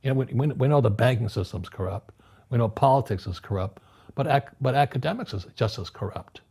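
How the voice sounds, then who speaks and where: A man in his seventies from Hawaii, a guest in an interview, telling animated stories with frequent restarts and repeated words. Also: mid-range voice, brisk, breathy edge. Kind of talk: storytelling conversation. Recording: music playing underneath.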